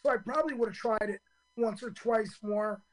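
A hoarse, high-pitched man in his fifties, a stand-up comedian, tells his story in a radio interview at a moderate pace. He sounds earnest, with plenty of ums and restarts, and the recording quality is low.

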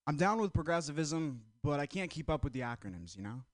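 A man doing stand-up, delivering clipped deadpan one-liners. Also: on the high side, quick pace, dry recording, clean studio sound. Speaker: stand-up comedian.

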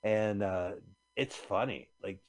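A man's voice: lowish voice, takes it slowly. A man co-hosting a casual podcast chat, animatedly retelling a film and swearing casually. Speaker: podcast co-host.

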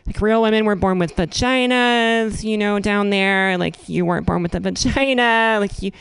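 A woman's voice: medium pitch, normal speed, gravelly, smooth, no room sound, lightly acted. A woman doing a preachy fundamentalist cousin. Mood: patronizing. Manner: valley-girl filler, patronizing.

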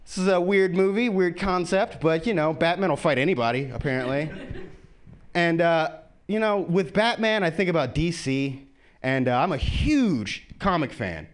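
Animated high-voiced male stand-up comic. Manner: animated, profane, acts out characters in quick bits. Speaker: stand-up comedian. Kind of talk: stand-up comedy set.

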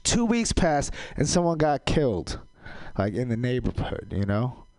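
Man doing deadpan stand-up comedy. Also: measured pace. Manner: deadpan one-liners with sudden loud high outbursts.

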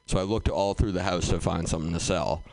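A man's voice: low voice, fairly even intonation, quick pace, gravelly, darkish tone, dry recording. A man hosting a comedy show and telling a stand-up story in a loose way, with lots of fillers. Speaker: comedy show host and comic.

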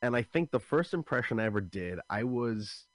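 A young man who does stand-up comedy. He is a guest in an interview and tells animated stories with many restarts. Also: medium pitch, normal speed, no room sound. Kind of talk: casual interview chat.

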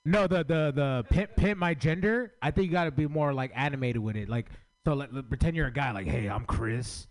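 A man's voice: on the high side, fairly quick. A man giving rambling, profane feedback to a comedian, full of fillers. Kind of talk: casual feedback chat.

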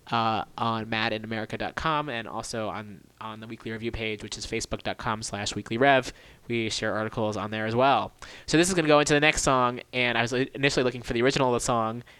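Male community radio host, reads articles aloud then chats loosely. Smooth tone, dry studio sound. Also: medium pitch, no room sound. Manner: measured reading, then relaxed and hesitant with many fillers. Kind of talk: reading an article aloud, then casual commentary.

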